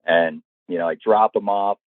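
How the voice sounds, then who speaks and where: A man's voice: fairly low pitch, normal speed, no echo. Older man telling stories over a tinny line. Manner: lively, acts out quoted lines in the story. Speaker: golf professional guest. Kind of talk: storytelling anecdote in an interview. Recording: tinny dry phone-like line.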